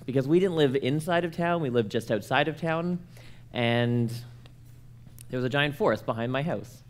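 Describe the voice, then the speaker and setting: Young man telling a lively story. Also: a little high, clear, resonant tone. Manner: animated, acts out quoted voices. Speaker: speaker at a church conference. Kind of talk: storytelling talk to an audience.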